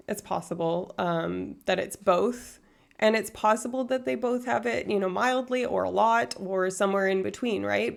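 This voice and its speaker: A woman livestreamer chats with her viewers in a loose, rambling way. Her voice sits in a middle pitch, and she explains things earnestly, circling back through fillers and restarts. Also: vocal fry. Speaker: Twitch streamer. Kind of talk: casual livestream chat answering viewers.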